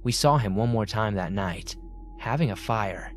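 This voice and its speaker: A man narrating horror stories in a steady reading voice that drops to a hushed tone in tense parts. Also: lowish voice, moderate pace. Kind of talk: scripted horror story narration. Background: faint background music.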